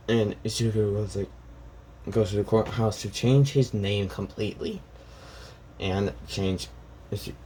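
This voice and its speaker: A man's voice: fairly low pitch, warm tone, a little hiss or hum. A young man casually retelling a fan story, rambling with restarts and "she goes like".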